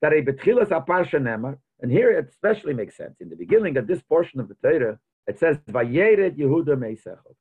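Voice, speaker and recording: A man's voice: a little high, big pitch swings, fast, few pauses, breathy edge. A man teaching a Torah lesson as a rabbi, mixing Hebrew and Yiddish terms into his English and thinking aloud as he explains. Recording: tinny phone-like audio.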